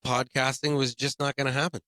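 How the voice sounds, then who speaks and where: A man's voice: medium pitch, little pitch movement, a little fast, bright, forceful tone, no room sound. A man co-hosting a podcast in casual chat, a bit sniffly from a cold, hesitant with frequent ums and restarts. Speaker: podcast co-host.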